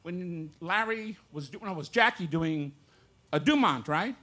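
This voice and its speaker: Slow, bright-voiced man joking on stage. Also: sits high, lively intonation. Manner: playful, slow, joking asides. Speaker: impressionist performer. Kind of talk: live stand-up banter. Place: small cabaret club stage. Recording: live club with faint room noise.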